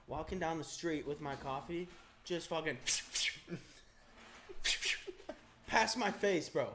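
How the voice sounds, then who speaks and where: A man's voice: fairly high pitch, takes it slowly, long pauses, a crowd in the background. A man in casual chat, telling a rambling story and laughing as he goes.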